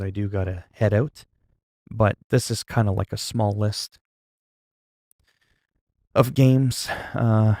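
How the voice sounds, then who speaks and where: Speaking low with a gravelly edge, a male streamer casually chats with his viewers, calm and unhurried, never hyped. His flat delivery sounds sleepy, some might say half asleep, and the recording is close and dry.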